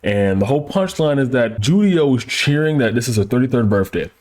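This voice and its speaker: A man's voice: mid-range voice, expressive, brisk, darkish tone. A man hosting a casual anime review, talking in crude slang with frequent laughing asides.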